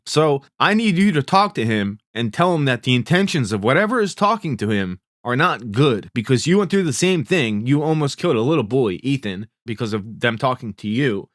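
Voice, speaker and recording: Relaxed man recapping a show, dry sound. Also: medium pitch, fairly quick, hardly any pauses, no room sound. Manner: laid-back, profane, paraphrases characters' lines in plain retelling. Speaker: TV recap host. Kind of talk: casual spoken recap.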